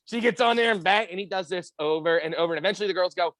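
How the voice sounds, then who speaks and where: Podcast guy, higher voice, animated, acts out the people in his stories, dry close mic. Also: racing, no room sound. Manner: animated storyteller, acts out quotes. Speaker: podcast co-host. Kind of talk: casual profane chat.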